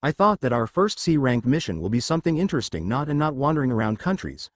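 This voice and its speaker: A man's voice: medium pitch, sing-song, fast talker, no echo. A man reading a huffy, impatient ninja girl. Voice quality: huffy, frustrated.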